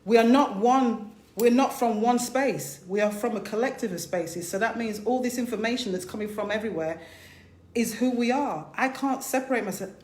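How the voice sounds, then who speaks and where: A woman's voice: on the high side, normal speed, a little mellow, reverberant. A woman giving an informal spiritual talk as a priest and teacher, passionate and conversational, pressing her points with rhetorical questions.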